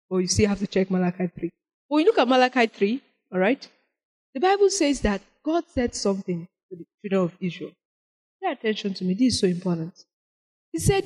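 A woman preaching a sermon, reading scripture slowly and then pressing her points with animated emphasis. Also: mid-range voice, low-quality recording.

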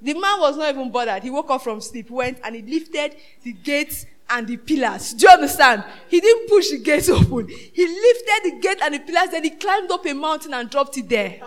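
A woman preaching a sermon, swinging from shouted peaks to hushed asides and asking the congregation rhetorical questions. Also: high voice, animated, moderate pace, few pauses.

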